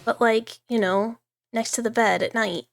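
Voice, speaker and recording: A woman's voice: fairly high pitch, fairly even intonation, normal speed, vocal fry, slight background noise. Giggly woman streaming a horror game. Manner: chatty, giggly, lots of asides. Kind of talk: live horror game commentary.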